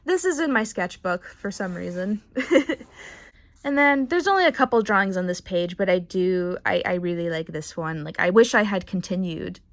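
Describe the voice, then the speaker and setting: A woman's voice: fairly low pitch, lively intonation, moderate pace, no echo. A young woman in casual chat, rambling and unsure with many fillers as she shows her sketchbook. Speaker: artist showing her sketchbook.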